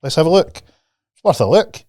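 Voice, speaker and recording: A man's voice: a little high, very animated, brisk, dark tone, no room sound, clean studio sound. A man, a podcast guest and mindset coach, talking casually and animatedly, swearing freely and acting out the voices of the people he quotes.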